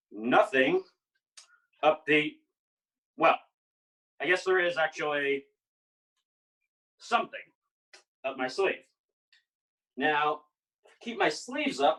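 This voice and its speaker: Bright, playful man doing magic patter. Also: high voice, distant mic, low-quality recording. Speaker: illusionist performing. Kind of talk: patter for a live online magic act. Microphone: video call.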